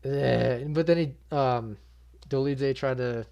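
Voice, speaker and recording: A young man who hosts an MMA channel gives a loose, unscripted recap as casual reaction commentary, speaking directly to his audience. He's blunt, exasperated and swears freely, his mid-range voice set at a moderate pace with a darkish tone on a muffled recording.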